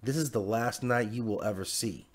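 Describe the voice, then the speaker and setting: A man's voice: fairly low pitch, normal speed, natural voice. Samantha, a hissing hot-tempered witch, as a man puts her on. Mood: angry. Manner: snapping, sneering and hissing. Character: fierce female witch, proud and hot-tempered.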